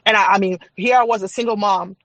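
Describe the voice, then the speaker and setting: A woman's voice: mid-range voice, fairly even intonation, fast, fairly bright tone, no room sound. A woman guest on a podcast, telling her personal faith testimony in an emphatic, repetitive, testifying way.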